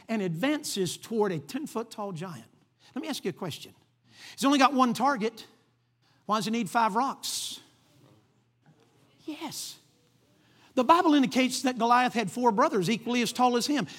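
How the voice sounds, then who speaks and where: A preacher telling a Bible story in an animated sermon, acting out the characters and calling for amens. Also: male voice, extremely high pitch. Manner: calls for amens from the congregation.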